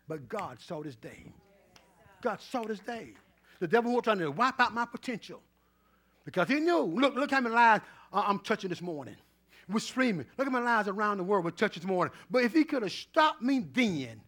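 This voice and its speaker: A man preaches with a strikingly high, bright, cutting voice. He tells stories with frequent laughter, repeats his phrases, and sweeps from quiet murmured asides to loud, rising preaching. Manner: swings between soft low asides and loud preaching; laughs often, repeats phrases, asks the congregation if they are all right. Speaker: pastor. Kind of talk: storytelling sermon.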